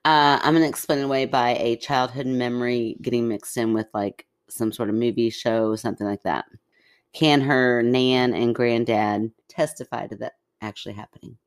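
A woman with a very deep voice co-hosts a chatty podcast, reading listener stories aloud with animation and reacting with quick laughs and gasps.

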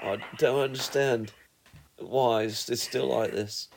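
A man co-hosting a comedy podcast, answering in a dry, deadpan, mock-dignified way. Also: medium pitch, takes it slowly, vocal fry, a little hiss or hum. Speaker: podcast co-host. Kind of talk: improvised comedy banter.

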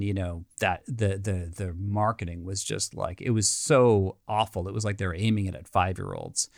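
A middle-aged man, an animator being interviewed, telling stories in a casual, excitable way, with many restarts and fillers. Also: fairly low pitch, creaky, no room sound, studio quality. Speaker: animator guest.

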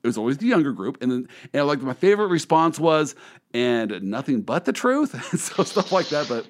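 A podcast host who is also a lawyer chats casually and playfully with his guest, laughing often. His voice runs on the high side, lively and quick.

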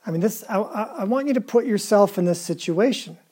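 Mellow-voiced conversational preacher. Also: medium pitch, expressive, a little fast, breathy edge. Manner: asks the listeners questions and retells scripture in a casual, everyday voice. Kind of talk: conversational sermon.

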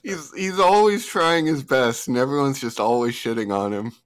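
A man's voice: medium pitch, normal speed. A man co-hosting a podcast, reacting with dry, incredulous comments. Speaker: podcast co-host. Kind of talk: casual game discussion.

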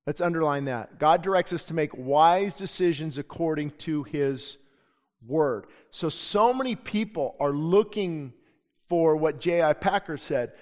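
A man's voice: a little high, lively intonation, a little slow. Earnest male pastor preaching in a reverberant church. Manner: earnest, conversational storytelling. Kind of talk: sermon. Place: church sanctuary. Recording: long church hall reverb.

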